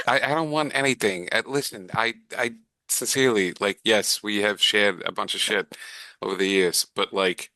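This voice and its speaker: Guy doing shiner, gravelly low voice, stumbling over every word, dry close mic. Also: pushed and bright, dry recording. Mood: earnest. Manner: halting, stammering reassurance. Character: Shiner, a rough young male hunter, awkward.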